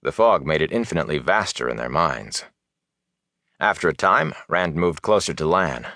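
Deep-voiced male audiobook narrator. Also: creaky, dry recording, studio quality. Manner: measured, steady storytelling. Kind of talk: scripted fantasy narration.

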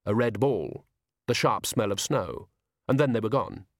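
A man reading a novel aloud as an audiobook narrator, measured and wry. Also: fairly low pitch, lively intonation, no room sound, studio quality. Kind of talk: scripted narration.

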